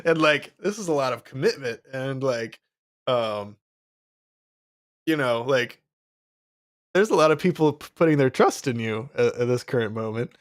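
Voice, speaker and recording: A man's voice: mid-range voice, animated, normal speed, pauses often, no room sound, clean studio sound. A young man in casual livestream chat, rambling with many fillers and frequent laughs. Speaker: streamer selling his course.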